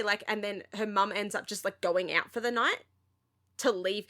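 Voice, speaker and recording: A woman, co-hosting a podcast and chatting casually in an animated, sweary rant full of "like". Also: medium pitch, normal speed. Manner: animated, sweary ranting with lots of "like". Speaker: podcast co-host. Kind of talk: casual chat.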